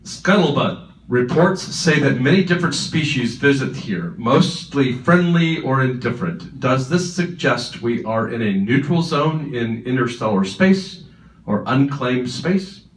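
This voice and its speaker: A man's voice: mid-range voice, lively intonation, measured pace. Moderator man reading questions in a hall. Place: large conference hall. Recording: echoey hall, distant mic.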